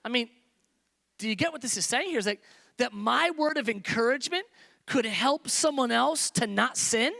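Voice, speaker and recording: A man pastor preaching a sermon, repeating phrases for emphasis and dropping to soft, hushed tones when he tells stories. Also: extremely high pitch, lively intonation, normal speed, creaky. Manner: preaching with rising emphatic repetition.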